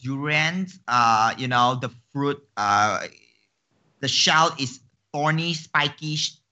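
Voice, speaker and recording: A woman guest in a casual chat, animated and quick to exclaim and laugh. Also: very deep voice, highs cut off.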